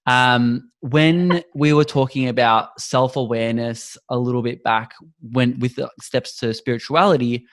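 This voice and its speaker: A man's voice: mid-range voice, fairly even intonation, a little slow, few pauses. A man hosting a podcast interview, asking a long question in a casual, searching way. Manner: casual, searching phrasing with restarts. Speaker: podcast host.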